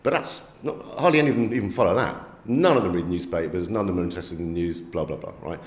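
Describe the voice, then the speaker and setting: Man, low-pitched, punchy streetwise talk, roomy echo. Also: quick pace. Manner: emphatic, streetwise, asks "yeah? right?". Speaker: magazine contributing editor. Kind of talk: animated interview storytelling. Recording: echoey room.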